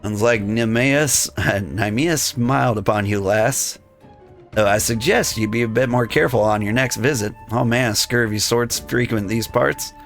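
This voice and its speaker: A man voicing a sly male rogue, talking in rough thieves' slang. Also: medium pitch, measured pace, soft background music, close to an everyday voice. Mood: reassuring. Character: gruff male rogue guild member, sly and streetwise. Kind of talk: reading game dialogue aloud.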